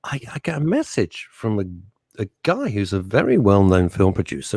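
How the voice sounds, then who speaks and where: A man's voice: lowish voice, moderate pace, breathy edge, dry recording, clean studio sound. A man co-hosting a radio show, joking and teasing his partner in casual banter. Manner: animated, jokey, teasing, swears mildly. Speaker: radio co-host. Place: radio studio. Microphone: studio microphone.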